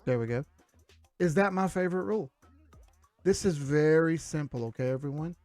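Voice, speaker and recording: A man's voice: on the high side, moderate pace, darkish tone, no room sound, faint music behind. A man teaching trading rules to viewers in an emphatic, direct way. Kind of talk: instructional talk to viewers.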